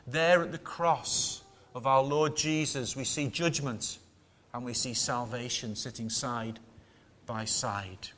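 A man preaching a sermon to his small congregation in a measured, emphatic manner with rhetorical questions. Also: medium pitch, fairly even intonation, a bit bright.

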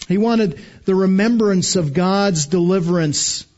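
A man's voice: sits high, unhurried, darkish tone, highs cut off. A man preaching an expository sermon, emphatic and earnest, often repeating words to stress a point.

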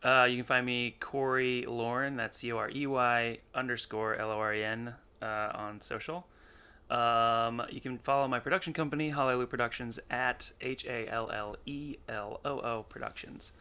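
A woman co-hosts a casual podcast, teasing her co-host in a dry, low-key way. Her voice sits extremely low for a woman, with a bright edge. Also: steady tone, moderate pace, clear, resonant tone. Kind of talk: casual chat.

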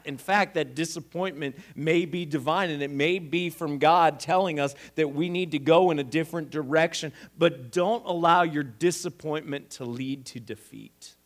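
Pastor, male, higher-pitched voice, dynamic sermon delivery, soft to loud. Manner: dynamic preaching, swings from quiet to loud.

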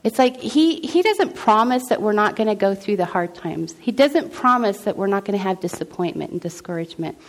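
A woman's voice: mid-range voice, expressive, brisk, few pauses. Earnest woman telling a faith testimony. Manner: earnest, conversational, many restarts and quoted dialogue. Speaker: speaker sharing a personal testimony. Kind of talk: faith testimony, casual storytelling.

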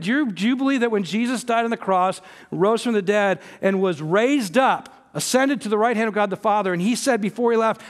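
A man in his forties preaching a sermon, telling family stories in an earnest way that rises to emphatic peaks. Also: high-pitched. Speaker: pastor.

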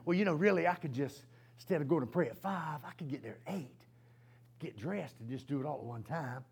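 Speaking quite briskly, a high-voiced pastor turns his sermon into a lively story for the congregation. His voice is creaky and slightly rough, and laughter keeps interrupting his sentences.

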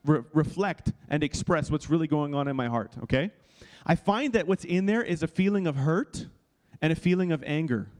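Male pastor, slightly high voice, earnest and confessional, checks in with his listeners often. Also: a little mellow. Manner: earnest, confessional, with many restarts and checks like "okay?". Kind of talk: sermon-style teaching with personal story.

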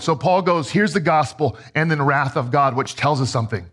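A man's voice: moderate pace, hardly any pauses. A man in his thirties preaching a sermon as a pastor, telling stories in a conversational, self-deprecating way. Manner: conversational, self-deprecating storytelling with lively pitch swings.

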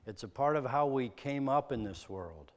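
A preacher from the American Midwest giving a sermon, asking probing, earnest rhetorical questions. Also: male voice, mid-range voice, expressive, moderate pace, long reverb tail.

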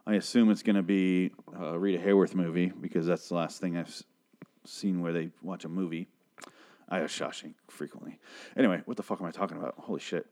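Young male reviewer with a lowish voice, casual and sweary, sarcastic, rambles. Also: fairly even intonation, a little fast, a little mellow. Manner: profane, rambling, sarcastic, acts out characters' lines. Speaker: TV episode review host. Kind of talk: casual recap and review monologue.

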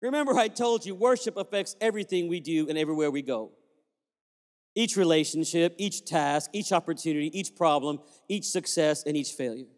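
A man's voice: fairly high pitch, a little fast, long reverb tail. A man who is a pastor telling a story in a sermon, acting out the dialogue as he goes.

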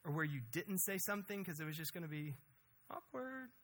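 A man preaching a conversational, energetic sermon as pastor, often asking "right?". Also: sits high, a little fast.

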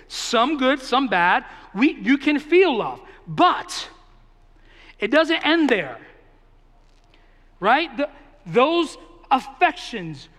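A man preaching a sermon to a large congregation, animated and joking, acting out both sides of a debate. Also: sits high, big-room sound. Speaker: pastor. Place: large church hall with a big congregation.

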